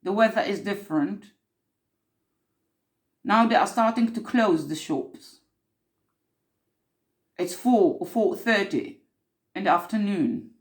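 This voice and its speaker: A woman's voice: mid-range voice, expressive, slow pace, long pauses. Woman playing an intense mystic. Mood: earnest. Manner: intense, storytelling, repeats for emphasis. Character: earnest woman mystic recounting time slips. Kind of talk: improvised monologue.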